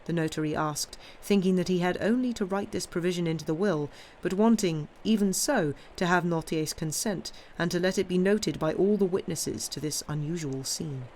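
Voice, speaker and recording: A woman reading a classic novel aloud on a live stream, with measured, steady narration. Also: lowish voice, slight background noise. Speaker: reader.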